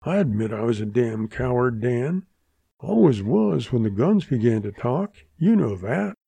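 A man's voice: mid-range voice, big pitch swings, a little slow, vocal fry, mellow, breathy edge, no echo, full character voice. A man voicing a frightened middle-aged country doctor who stammers and pleads earnestly. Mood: pleading.

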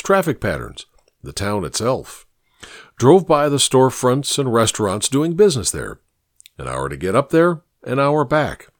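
A man's voice: medium pitch, no room sound, studio quality, lightly acted. A man voicing a blunt, practical best friend with a matter-of-fact, sarcastic way of talking.

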